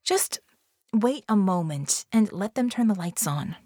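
A woman's voice: medium pitch, animated, unhurried, a little mellow, no room sound, clean studio sound. A woman voicing a teasing young witch.

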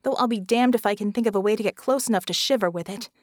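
A woman's voice: mid-range voice, quick pace, dry recording, studio quality, close to an everyday voice. A woman reading an audiobook voices a stubborn young woman fighter, speaking in urgent, clipped, defiant bursts. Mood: fierce.

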